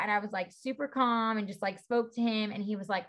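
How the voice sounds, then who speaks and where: Woman guest on a podcast, chatty, says like a lot, mid pitch, casual talk. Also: fairly even intonation, fast talker, hardly any pauses, fairly bright tone. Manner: chatty, filler-heavy, says "like" often. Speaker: podcast guest, stylist and breathwork coach. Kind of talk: casual conversation.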